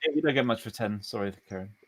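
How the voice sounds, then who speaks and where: A man's voice: fairly low pitch, fast talker. A man running a live-streamed tabletop game as dungeon master, playful and slipping into character voices.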